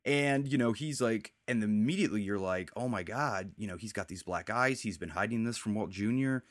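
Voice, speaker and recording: A man's voice: on the low side, fairly quick, no echo. A man hosting a casual chat, rambling as he recaps TV scenes and quotes the characters' lines. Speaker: podcast host.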